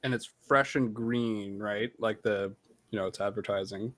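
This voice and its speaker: A man's voice: fairly low pitch, fairly even intonation, moderate pace, a bit bright, no echo. A man in casual chat during a streamed tabletop game, announcing things in a showman-like, mock-formal way. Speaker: tabletop game player tasting hot sauce on stream.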